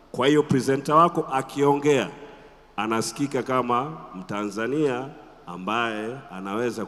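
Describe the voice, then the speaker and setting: Animated Tanzanian man talking in a reverberant hall. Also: medium pitch. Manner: animated, quizzes the audience with rhetorical questions. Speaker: conference speaker, radio presenter. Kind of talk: conference talk. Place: conference hall.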